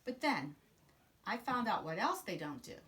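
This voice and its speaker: Bright, lively woman reading a storybook. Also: medium pitch, normal speed. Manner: expressive, sing-song storytelling. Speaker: teacher reading aloud. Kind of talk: children's storybook read-aloud.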